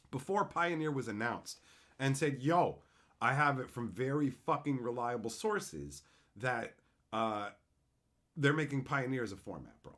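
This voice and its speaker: A man's voice: medium pitch, fairly bright tone. A man hosting a live stream, ranting in a sarcastic, profane way and answering chat as he goes. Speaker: streamer host. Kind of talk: profane livestream rant.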